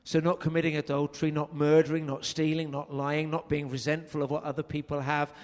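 A man's voice: fairly high pitch, little pitch movement, brisk. A man preaching a sermon, telling a story earnestly and raising his voice for emphasis. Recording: long hall reverb.

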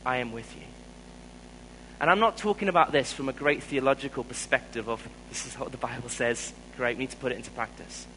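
A man with a South African accent preaching a sermon, telling a personal story in an earnest way and growing louder when he stresses a point. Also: mid-range voice, fast, hardly any pauses, a little hiss or hum, low-quality recording.

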